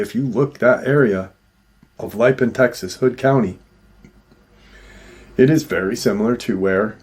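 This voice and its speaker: A man hosting a show, retelling a listener's encounter in a halting, casual way with frequent restarts. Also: lowish voice, breathy edge. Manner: halting, with many restarts and fillers. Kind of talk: casual storytelling.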